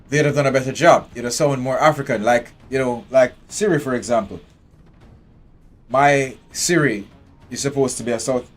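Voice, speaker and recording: A man giving live commentary while playing a strategy game, chatting and talking to his game characters. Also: medium pitch. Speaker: game streamer.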